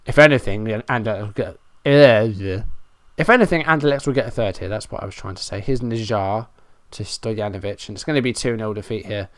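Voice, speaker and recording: A man calls a football management match play by play, often frustrated and poking fun at himself. His voice is smooth and resonant. It is recorded close and dry, with no room sound. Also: fairly low pitch, fast talker, few pauses, fairly bright tone, no room sound. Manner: running play-by-play, frustrated and self-mocking. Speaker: gaming YouTuber. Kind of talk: Let's Play commentary.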